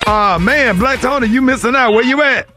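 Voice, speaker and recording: A man's voice: extremely high pitch, normal speed, over loud music. A man hosting a morning radio show, teasing and questioning a caller in comedic banter.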